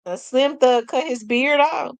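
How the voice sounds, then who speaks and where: A woman's voice: high-pitched, measured pace, no echo. Chatty woman host, dry close sound. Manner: chatty, exclaims and laughs, talks to viewers. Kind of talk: casual commentary livestream.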